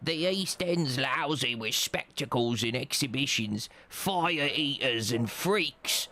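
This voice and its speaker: A man's voice: mid-range voice, lively intonation, slow pace, pushed and bright. An actor voicing a dry, observational male protagonist in a game. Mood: wry.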